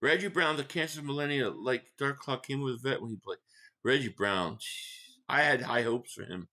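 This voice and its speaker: A man's voice: medium pitch, moderate pace, pushed and bright. A man from the Philadelphia area live-streaming a football game, rambling in casual chat, reading out viewer messages and giving blunt fan opinions.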